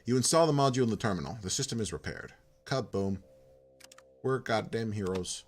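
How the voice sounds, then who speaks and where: A man narrates his game playthrough in a relaxed, rambling way, reading out on-screen text as he goes. His voice is low. Faint music runs in the background. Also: brisk. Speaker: game streamer. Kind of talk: casual gameplay commentary.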